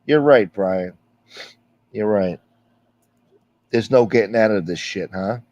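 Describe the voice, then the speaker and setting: A man's voice: on the low side, slow pace, a little mellow, muffled recording. A man hosting a casual livestream, reading viewer comments aloud in a rambling, sarcastic, heavily profane way. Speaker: livestream host.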